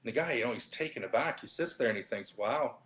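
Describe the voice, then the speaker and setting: A man's voice: medium pitch, lively intonation, fast talker, fairly bright tone. A man talking casually into his webcam in his living room, telling a motivational story with plenty of fillers and restarts. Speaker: vlogger.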